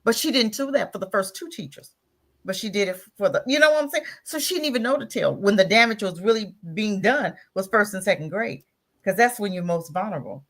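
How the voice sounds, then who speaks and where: A woman's voice: mid-range voice, expressive, brisk, a bit bright. A woman hosting talk radio who makes emphatic, preachy commentary, repeats her points and asks rhetorical questions.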